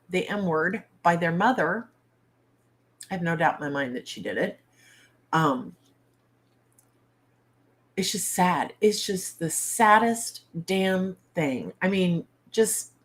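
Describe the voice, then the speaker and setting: A woman hosting a casual livestream from home, talking bluntly with exasperated, salty humor to her viewers. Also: lowish voice. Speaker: livestream host.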